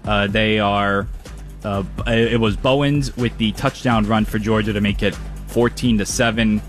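A man's voice: on the low side, fairly even intonation, measured pace, faint music behind. A man with a New York–New Jersey accent giving a loose, ad-libbed sports scores update. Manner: loose, ad-libbed, hesitant delivery.

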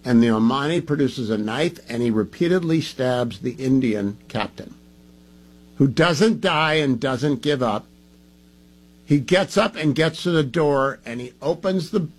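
A man's voice: mid-range voice, measured pace. A man hosting a talk radio show, chatting casually and emphatically while groggy from medication. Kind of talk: casual monologue.

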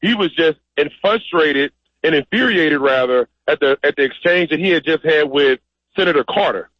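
A man's voice: on the high side, moderate pace, no room sound. A man speaking as a guest on a radio call-in show over the phone, emphatic and direct. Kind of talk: call-in interview. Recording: muffled phone line.

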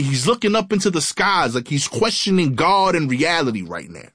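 A man telling a comic story in a lively, casual, punchy way. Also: on the high side, fairly quick, hardly any pauses, slightly rough, dry recording, clean studio sound.

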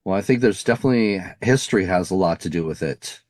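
Low-voiced man, thoughtful, dry sound. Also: lively intonation, fast talker, a little mellow, dry recording. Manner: thoughtful, many fillers like "you know". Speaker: paranormal investigator guest. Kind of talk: casual interview answers.

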